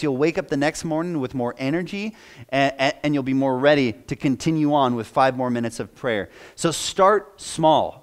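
A pastor in his thirties preaching a sermon in a conversational way, joking with the congregation. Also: a little high.

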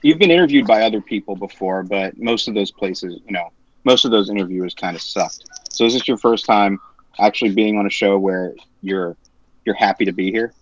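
A man with a New Jersey accent hosting a casual podcast, teasing his co-hosts with quick, joking banter. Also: on the low side, no room sound. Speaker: podcast host. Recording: slightly dull lo-fi sound.

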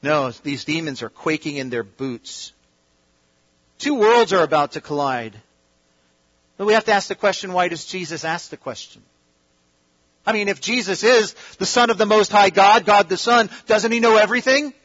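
A man preaching a sermon in an auditorium, swinging between loud emphatic peaks and quiet asides. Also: sits high, animated, normal speed, muffled recording. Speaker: pastor.

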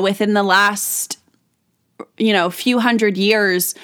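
A woman's voice: medium pitch, fairly bright tone. Rambling woman podcast host. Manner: rambling, many restarts and fillers, laughs often. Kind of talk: casual solo monologue.

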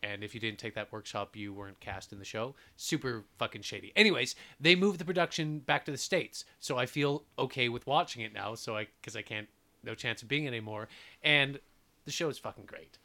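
Canadian guy on a podcast, bright voice, swears a lot, kinda ranty. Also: mid-range voice, fairly quick. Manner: blunt, swears freely, ranting. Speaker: podcast co-host, actor. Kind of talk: casual podcast chat.

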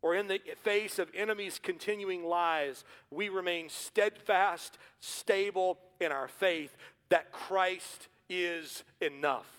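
Give me a male pastor preaching a sermon in a church with a sharp, bright tone. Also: high-pitched, takes it slowly. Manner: builds to forceful repeated refrains. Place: church sanctuary. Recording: hall reverb.

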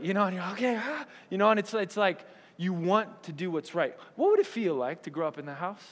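A pastor gives a casual sermon, checking in with the crowd by asking "right?" again and again and slipping into little acted voices. His voice sits a touch high for a man. It rings out with a long hall reverb. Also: quick pace, few pauses, fairly bright tone. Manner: chatty, keeps asking "right?", acts out quoted voices. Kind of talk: conversational sermon.

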